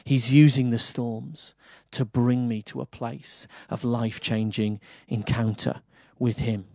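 A man with an English accent preaching a sermon, earnest, moving between firm emphasis and soft quiet lines. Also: mid-range voice, no room sound. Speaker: pastor.

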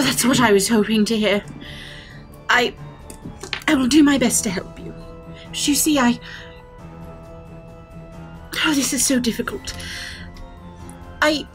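A woman doing a stammering cursed centaur woman. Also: high voice. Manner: halting, stammering, apologetic. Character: distressed cursed female centaur, once human.

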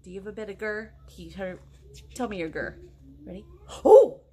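A woman's voice: medium pitch, brisk, husky. A woman children's librarian reading picture books aloud and asking the children questions. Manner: playful, asks the kids questions.

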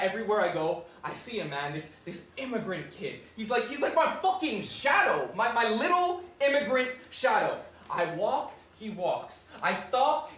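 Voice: medium pitch, fairly bright tone. An actor performing a stage monologue as a brash young man, talking in swaggering, profane street slang. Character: brash young Canadian man telling of his half-brother. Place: theatre stage. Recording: roomy stage sound from far off.

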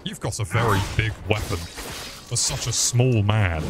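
Low-voiced man mocking a game. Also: unhurried, music in the background. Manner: crude, mocking, jokey. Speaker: streamer. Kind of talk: crude comic gameplay commentary.

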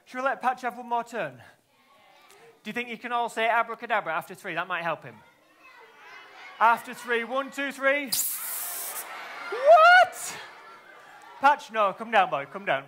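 A man's voice: high voice, fast, background noise. A man performing a live children's magic show, teasing and playful, constantly asking the young audience questions. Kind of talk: live kids' show patter.

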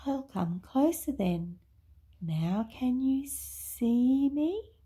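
A woman voicing a sly male jungle snake with a soft, coaxing, hypnotic manner. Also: sits high, expressive, extremely slow, husky, voice pushed up, exaggerated voice.

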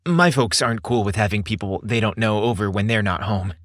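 A man playing a nervous young man in a story reading. He sounds anxious and urges himself on in a low voice. The recording is dry and close. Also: brisk, dry recording, natural voice. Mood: reassuring. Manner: anxious, self-urging.

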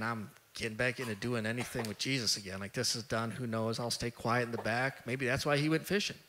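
Bright-voiced pastor preaching in a reverberant hall. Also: male voice, mid-range voice. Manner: conversational storytelling, voices the disciples with rising intensity. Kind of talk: sermon. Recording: long church hall reverb.

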